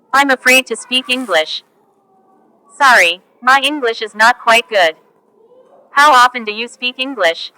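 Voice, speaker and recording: Slow, bright woman reading phrases. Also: on the high side, low-quality recording. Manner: slow, careful, each phrase spoken on its own. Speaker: English teacher. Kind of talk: reading example phrases for learners.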